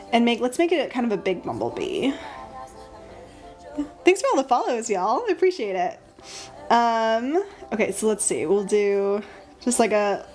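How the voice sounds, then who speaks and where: A woman's voice: mid-range voice, a little mellow. A woman chatting casually and thinking aloud as she draws on a live stream, with frequent ums. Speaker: digital artist streaming live. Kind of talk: casual live-stream chat while drawing.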